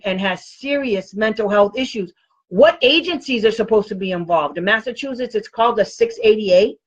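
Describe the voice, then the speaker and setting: A woman's voice: on the high side, muffled recording. A woman talking directly to parents in a casual, rambling live stream, giving special education advice.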